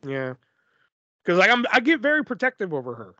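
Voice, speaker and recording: A man tells stories on a podcast in a high, animated voice, rambling, cursing and filling his speech with "like" and "you know". The sound is dull and lo-fi, and the recording is dry. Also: fairly quick, no room sound. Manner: profane, rambling, filler-heavy. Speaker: podcast host. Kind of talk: casual storytelling chat.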